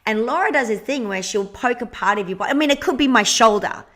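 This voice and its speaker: A woman co-hosting a podcast interview, talking in an animated, candid way and swearing freely. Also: on the high side, quick pace. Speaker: podcast co-host. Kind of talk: casual conversational interview.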